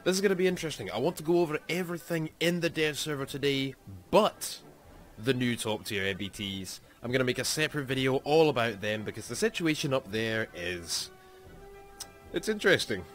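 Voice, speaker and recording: A man with a Scottish accent giving casual, excitable commentary over gameplay as a gaming YouTuber. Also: medium pitch, a little fast, faint music behind. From Scotland. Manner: excitable, exclaims often.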